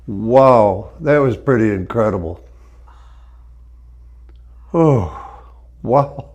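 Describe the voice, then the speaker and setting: Guy on the chiropractor table, slow drawn-out exclaims, dark mellow voice, kinda emotional and relieved. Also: mid-range voice, dull audio. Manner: exclaiming, awed, sighing. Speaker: chiropractic patient. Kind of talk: spontaneous reactions during treatment.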